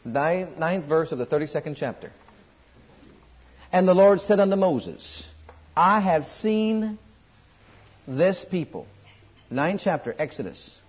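A man preaching a sermon, reading scripture slowly and swinging between loud, high declarations and low, quiet asides. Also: very animated, husky. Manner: rising and falling preaching cadence, drawn-out scripture readings. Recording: muffled lo-fi sermon recording.

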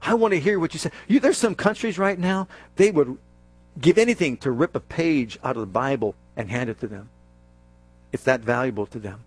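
A man preaching a sermon, reading scripture aloud and calling out questions to the congregation, stressing key words and dropping low for emphasis. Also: fairly quick, breathy edge. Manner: calls out questions to the congregation and answers them.

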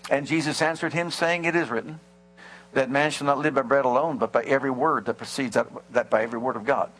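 A man's voice: medium pitch, fairly quick, fairly bright tone, low-quality recording. A male preacher giving a sermon, telling a healing story with quoted voices and reading scripture aloud. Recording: mains hum behind.

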